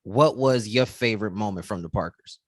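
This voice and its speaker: A man's voice: fairly low pitch, brisk, dry recording, clean studio sound. A man hosting an interview, asking admiring, attentive questions. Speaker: interviewer, host.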